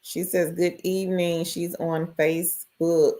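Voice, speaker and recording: Slow, low-voiced woman hosting a livestream. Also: little pitch movement, dark tone. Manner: greets viewers by name and reads chat aloud. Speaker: livestream host. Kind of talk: casual live stream chat.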